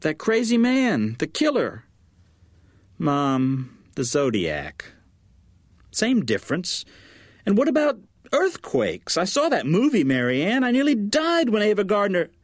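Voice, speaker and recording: A worried, overwrought mother from an audiobook, voiced by a man. Her voice climbs high and pleading, and it sounds slightly distant on a dry recording. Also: no room sound, full character voice. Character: anxious, fretful middle-aged mother. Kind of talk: audiobook character voice.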